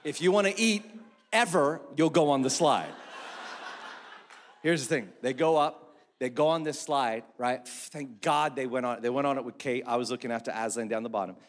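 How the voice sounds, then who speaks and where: A male pastor, likely in his thirties or forties, telling a funny family story in a sermon with animated, self-mocking humor. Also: mid-range voice, normal speed. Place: church hall. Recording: echoey church hall.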